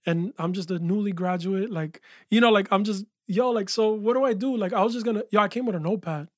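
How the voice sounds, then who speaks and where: A man, a music producer and engineer, telling his story in a casual interview with animated energy, saying "yo" and "like" a lot. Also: high voice, fast, no room sound, studio quality. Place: small recording studio.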